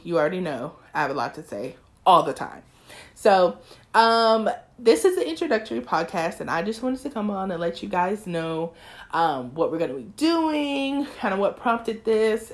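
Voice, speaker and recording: A woman in her twenties from East Texas hosting her own podcast in casual, talkative chat, slipping into bursts of preaching. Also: lowish voice. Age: 20s. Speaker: podcast host.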